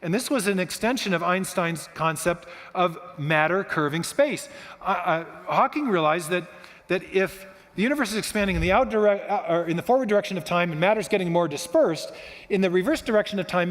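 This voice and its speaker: A man giving a lecture-style guest talk, explaining in a lively storytelling manner that often stops and restarts. His voice is fairly high for a man. The sound carries the long reverb of a large church hall. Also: brisk. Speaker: guest speaker.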